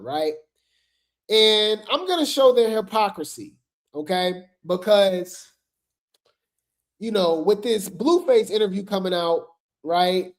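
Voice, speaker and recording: A commentary host talking casually to viewers about online drama, chatty and addressing the audience often, sometimes laughing mid-sentence. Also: medium pitch. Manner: chatty, addresses viewers as "y'all", filler "right?".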